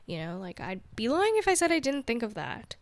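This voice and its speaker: A woman's voice: fairly high pitch, big pitch swings, brisk, dry recording. Young woman rambling chattily, dry sound. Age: young adult. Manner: rambling, heavy use of filler "like", candid and chatty. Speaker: podcast host. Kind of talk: casual solo chat.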